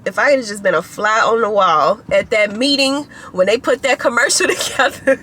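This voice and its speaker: A woman's voice: fairly high pitch, moderate pace. Chatty laughing woman vlogger, traffic noise. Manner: chatty, laughs often, animated storytelling. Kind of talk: casual chat to camera. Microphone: camera on a tripod.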